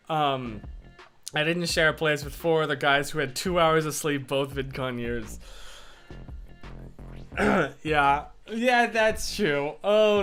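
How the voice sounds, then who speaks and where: A man's voice: a little high, fairly bright tone. A young man hosting a casual live stream from his room, reading viewer comments and rambling with lots of restarts. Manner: rambling and chatty, full of restarts and fillers. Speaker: livestream host. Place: home room with a whiteboard.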